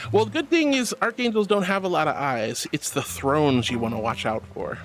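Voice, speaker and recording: A woman's voice: low voice, brisk, hardly any pauses, a little hiss or hum. A woman streamer chatting casually on a livestream, playful and theatrical, slipping into grand mock-solemn tones. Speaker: VTuber streamer.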